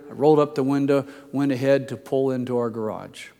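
An older pastor delivers a sermon in a relaxed, conversational way, poking fun at himself as he tells a story. His voice sits at an ordinary middle pitch for a man. It carries a long reverb from a church hall. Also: a little fast. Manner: conversational storytelling, self-deprecating.

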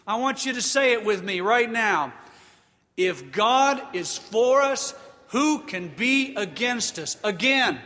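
A male pastor preaching in a slow, deliberate, emphatic way, with a high, bright voice. His words ring out with the long reverb of a large hall, and he has the congregation repeat lines after him. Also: sing-song, faint music behind. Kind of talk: sermon.

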